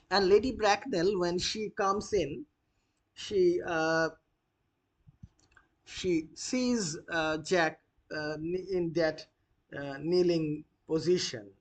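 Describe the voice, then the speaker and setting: A man explaining a play to students, pausing often with fillers as he explains. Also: high voice. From India. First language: Bengali. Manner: hesitant, many uh fillers, unhurried explaining. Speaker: literature lecturer.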